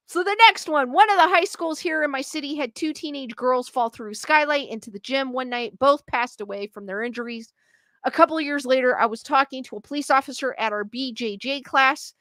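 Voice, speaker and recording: A woman's voice: high voice, fairly bright tone, no room sound. A woman hosting a casual chat show, reading out stories and viewer comments with lots of reactions and laughter. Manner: chatty, laughs often, restarts and reacts to comments.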